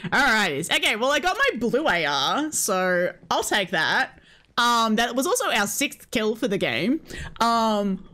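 Giggly high-voiced woman gaming. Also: measured pace. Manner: excitable, giggly, chatty to chat. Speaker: game streamer. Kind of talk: casual gameplay commentary to viewers.

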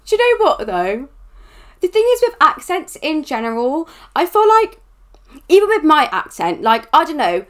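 Her high-pitched, fairly bright voice swings widely in pitch at a moderate pace as this young West Country woman from southwest England rambles chattily through a casual reaction video, full of fillers.

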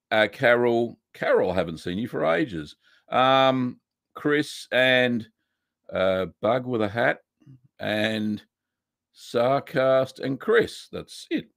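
Relaxed Australian man, low voice. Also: creaky, no room sound, studio quality. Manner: relaxed and chatty, greeting viewers one by one. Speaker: live stream host. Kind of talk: casual live stream chat.

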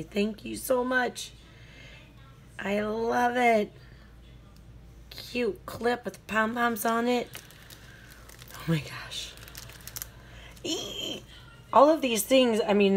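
A woman vlogger unboxing a craft mail swap, gushing with constant delighted exclamations and talking straight to the sender. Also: mid-range voice. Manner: talks to the sender directly.

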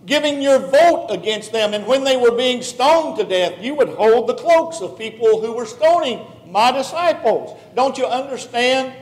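A stern yet patient voice of Jesus calls down from heaven, as a man preacher voices it, asking firm, rebuking questions. The tone sits fairly high for a man, and the sound rings through a reverberant hall. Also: lively intonation, normal speed, hardly any pauses. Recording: echoey hall recording.

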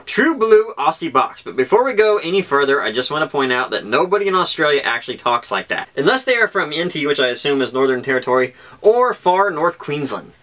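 A man's voice: a little high, sing-song, fast talker, sharp tone. A man from the American Midwest co-hosting a casual unboxing video, rambling and laughing often as he reads notes aloud. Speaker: YouTube co-host.

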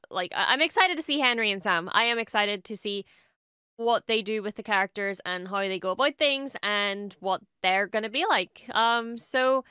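A young woman hosting a casual reaction video, excitable and quick to swear and gush. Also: mid-range voice, clean tone, no echo, clean studio sound. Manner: excitable, swears often, gushes.

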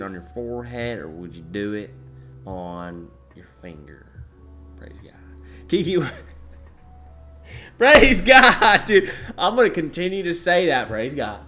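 A young man casually chatting on a live stream, reading out chat messages, joking around and swinging between low mumbles and loud excited bursts.

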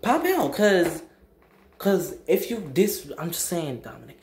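A man's voice: sits high, very animated, measured pace, a little mellow, a little hiss or hum. A young man ranting in a vlog, emphatic and blunt, repeating his points with slang. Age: young adult. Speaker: vlogger. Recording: echoey room.

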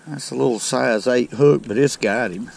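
In a casual outdoor fishing video by a creek, the male host speaks to viewers folksily and exclaims at each catch. The voice is medium-pitched and a little mellow, with vocal fry at normal speed, plus a little hiss or hum.

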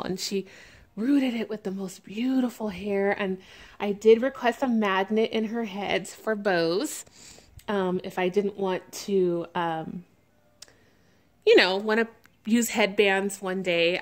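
A woman gushing emotionally as she unboxes a reborn doll, close to tears with excitement. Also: medium pitch. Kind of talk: unboxing vlog.

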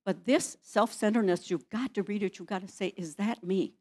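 A woman's voice: mid-range voice, fairly quick, darkish tone. A woman pastor preaching in a church, firing rhetorical questions at the congregation. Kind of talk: sermon.

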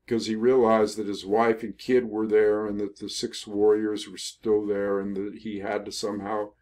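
Older guy telling a history story, pretty low voice, slow, lots of uhs and restarts. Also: darkish tone. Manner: rambling, halting, with many fillers and self-corrections. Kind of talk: casual spoken history narration over photos.

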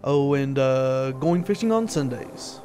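A man doing a shy, halting husband. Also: mid-range voice, expressive, dark tone, faint music behind, lightly acted. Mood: awkward. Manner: hesitant, halting with fillers. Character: shy, awkward middle-aged husband.

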